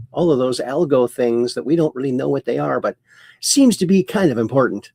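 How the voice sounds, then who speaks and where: Chatty, gravelly livestream host; a folksy man reading chat comments aloud, in a dry room. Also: a little high, animated, moderate pace, darkish tone, no room sound. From Ireland.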